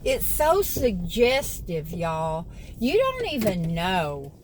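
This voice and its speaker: Southern woman in her sixties, unhurried folksy vlog chat, faint traffic hum behind. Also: lowish voice, huge pitch swings. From American South. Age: 60s. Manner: chatty, folksy, talks to viewers as y'all. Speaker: vlogger. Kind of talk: casual chat to camera.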